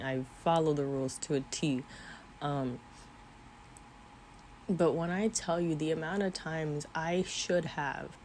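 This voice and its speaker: A woman's voice: low-pitched, a little mellow, a little hiss or hum. A woman in her twenties talking earnestly to camera about her faith, sometimes teary-eyed, with small laughs. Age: 20s. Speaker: vlogger. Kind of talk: emotional faith talk to camera. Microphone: camera mic.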